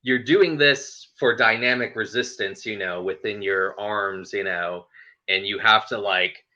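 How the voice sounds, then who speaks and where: A man's voice: fairly low pitch, unhurried, sharp tone. A man hosting a casual interview chat, rambling with lots of fillers and laughing often as he talks. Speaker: host. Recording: muffled lo-fi audio.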